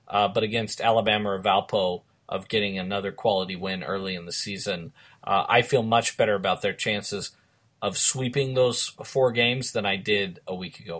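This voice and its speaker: A man's voice: on the low side, a bit bright. A man co-hosting a casual sports podcast, chatty and joking, with lots of fillers. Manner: chatty, laughing, full of fillers. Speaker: podcast co-host.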